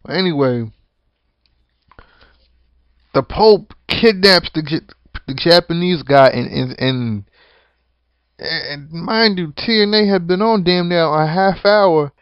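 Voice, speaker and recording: A man's voice: fairly high pitch, expressive, takes it slowly, pauses often, no room sound. A man giving a profane, rambling rant about wrestling, full of swearing and restarts. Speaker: wrestling commentary vlogger. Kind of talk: profane ranting monologue. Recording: dull lo-fi dry recording.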